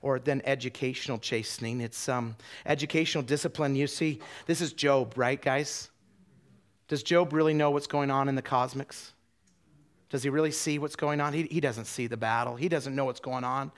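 A middle-aged man, an itinerant preacher, giving an animated sermon that swings from quiet and tender to loud, with many restarts of his words. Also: medium pitch, normal speed.

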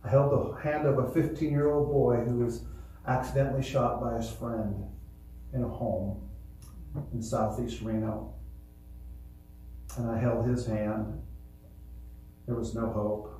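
A man preaching a sermon as pastor, earnest and swelling louder on key points. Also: mid-range voice, flat delivery, measured pace, pauses often, a little hiss or hum. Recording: echoey hall, voice from far off.

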